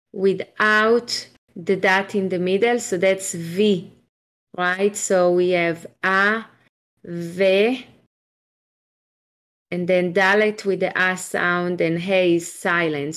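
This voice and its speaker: A medium-pitched woman from Israel leads a live Hebrew lesson online by video call. Patient and encouraging, she works through the sounds of each letter one step at a time.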